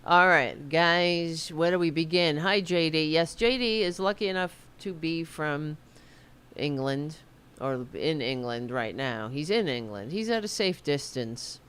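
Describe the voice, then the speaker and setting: This political podcast host is a middle-aged New York woman with a deep voice, lively intonation and a fairly bright tone, speaking a little slowly on a clean recording. Loose and casual, she rambles, curses freely, and frets about her hair during the livestream.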